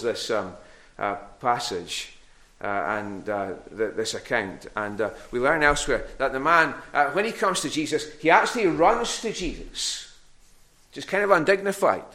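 Male preacher, mid-pitched, conversational sermon delivery, repeats words while finding them. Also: lively intonation, moderate pace, sharp tone. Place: church hall.

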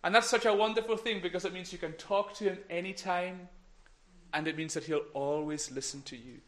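A man with a high, light voice leads a children's talk in church. He is playful and encouraging, and at times sinks into a hush. He speaks into a microphone. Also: brisk. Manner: playful, encouraging, drops to whispers. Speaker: minister giving a children's talk.

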